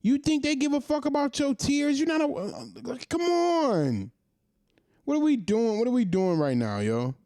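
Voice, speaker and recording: Heated man ranting with lively pitch. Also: normal speed, dry recording, studio quality. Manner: heated, profane, hammering rhetorical questions. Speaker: commentary host. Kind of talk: ranting monologue.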